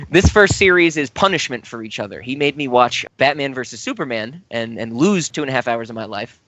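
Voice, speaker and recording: A man's voice: medium pitch, expressive, a little fast, few pauses, fairly bright tone, no room sound. A man co-hosting a casual film podcast, rambling and teasing his co-host.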